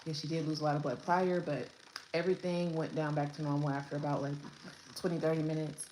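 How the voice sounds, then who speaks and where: A young new mother shares her birth story in a casual vlog, speaking quickly in a low, relaxed voice from a room at home with her baby. She's chatty and rambling, restarting often and filling pauses with "like" and "um." The room echoes, and a faint hum of noise sits in the background.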